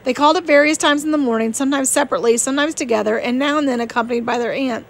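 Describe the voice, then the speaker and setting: A woman narrating a classic novel as an audiobook reader, steady and measured. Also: high voice.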